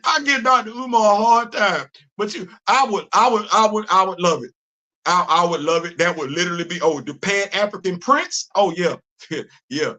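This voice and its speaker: A man hosting a comedic live-stream commentary, talking in an animated, teasing, emphatic way. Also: high-pitched, normal speed. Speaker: host.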